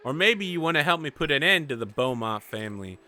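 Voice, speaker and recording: A woman's voice: low voice, very animated, fast, sharp tone, exaggerated voice. A man voicing a fierce, hot-tempered young gunslinger woman in a tabletop game, snapping and threatening. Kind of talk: tabletop game role-play.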